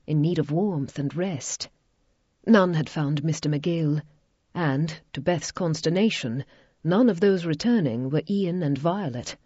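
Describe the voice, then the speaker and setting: Husky-voiced woman narrating an audiobook. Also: sits low, warm tone, dry recording. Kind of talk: scripted narration. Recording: dull lo-fi recording.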